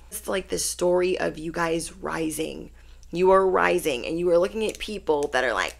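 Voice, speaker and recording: A woman with a fairly low voice does a tarot reading in a loose, chatty style. She throws in plenty of slang and keeps hyping her viewers up as she talks. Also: normal speed, vocal fry. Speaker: tarot reader. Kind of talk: casual pick-a-card chat.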